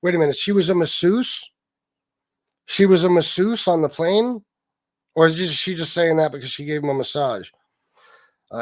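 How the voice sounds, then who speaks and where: A man's voice: on the high side, lively intonation. Blunt, profane male livestream host. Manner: blunt and profane, quick retorts to chat. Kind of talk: casual livestream commentary, reading posts aloud.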